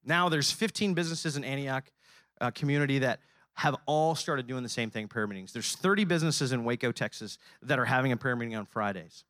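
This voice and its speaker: A man giving a motivational faith talk, preaching and building up to rousing shouts. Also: mid-range voice, a little fast, dry recording, clean studio sound. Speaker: speaker at a faith-based business gathering. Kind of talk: motivational sermon.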